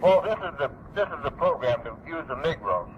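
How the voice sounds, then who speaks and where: A man's voice: a little high, big pitch swings, brisk. A middle-aged man giving an emphatic, repetitive public lecture, preserved on an archival recording. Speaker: speaker. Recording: dull lo-fi archival recording with faint noise.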